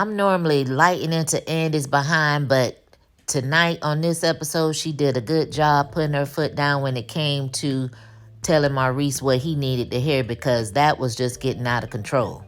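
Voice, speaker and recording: A woman with a Black way of speaking, recapping a TV episode in casual, animated chat and acting out the characters' lines with attitude. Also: low voice, normal speed. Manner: animated, acts out quotes with attitude. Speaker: TV recap host.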